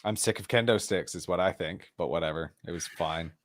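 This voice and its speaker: A man's voice: low-pitched, brisk. A young man co-hosting a podcast, blunt and sardonic as he grumbles about wrestling. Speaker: podcast co-host. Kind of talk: casual wrestling chat.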